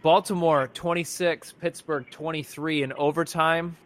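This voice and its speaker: A man's voice: a little high, steady tone, measured pace. Exasperated man ranting about football. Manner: rambling, exasperated fan rant with frequent restarts. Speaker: podcast co-host. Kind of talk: casual sports fan reaction chat.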